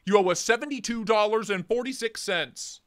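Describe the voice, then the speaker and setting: A man voicing a menacing male debt collector who makes loud, mock threats. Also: high voice, moderate pace, voice pushed up, natural voice. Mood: threatening.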